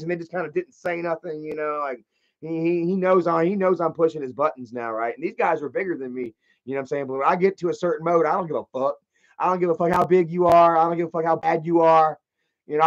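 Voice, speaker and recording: A man streaming live, telling a story in a casual, rambling way, with lots of profanity and animated energy. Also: fairly high pitch. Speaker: livestreamer. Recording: slightly dull lo-fi stream audio.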